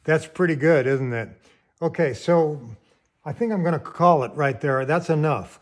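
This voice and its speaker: A man's slightly high voice, at a moderate pace, walks through a piano lesson. Counting beats aloud as he plays, he explains rhythm clearly while piano plays under his words.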